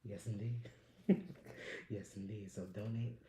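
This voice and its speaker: A man's voice: lowish voice, flat delivery, takes it slowly, dark tone, roomy sound, a little hiss or hum, rough recording. A man hosting a casual livestream news show, talking in a laid-back, folksy way. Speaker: host.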